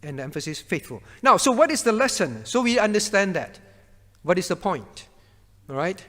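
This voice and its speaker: A man's voice: sits high, big pitch swings, normal speed, fairly bright tone, big-room sound. A man as pastor teaching a Bible class, quizzing his students by name and hammering home his point through repetition.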